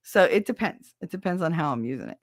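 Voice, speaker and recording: A woman's voice: lowish voice, animated, quick pace, dry recording, studio quality. Chatty, foul-mouthed woman podcast host. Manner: swears freely and laughs often; chatty and self-mocking. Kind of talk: casual live chat with viewers.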